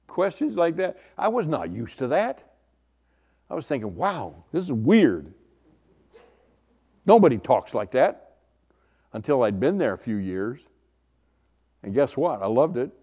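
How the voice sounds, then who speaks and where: Older preacher with soft trailing phrases. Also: male voice, mid-range voice. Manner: conversational storytelling with repetition. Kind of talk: sermon.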